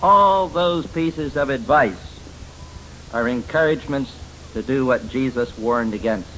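A man teaching about biblical counseling, emphatic and folksy, often pausing on "uh" as he tells homely stories. His voice sits at an ordinary middle pitch. A faint hiss runs under the speech. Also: fairly bright tone, poor audio. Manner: emphatic, folksy storytelling with many fillers. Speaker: Christian counselor lecturing. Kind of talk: teaching lecture.

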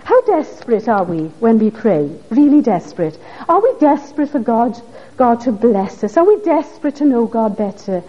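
A woman's voice: on the high side, very animated, moderate pace, mellow, husky. A woman preaching a sermon, pressing her listeners with earnest, pleading questions. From Wales. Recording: dull lo-fi recording.

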